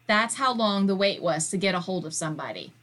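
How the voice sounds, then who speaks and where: A woman's voice: mid-range voice, very animated, fairly quick, fairly bright tone. A woman co-hosting a podcast, chatty and exasperated as she tells her own story in casual chat.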